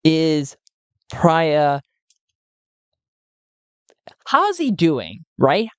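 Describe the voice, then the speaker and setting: A narrator running a solo tabletop game, talking slowly and thinking aloud with frequent chuckles. Dry, close sound with no room echo. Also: medium pitch, wildly swooping pitch, clean tone.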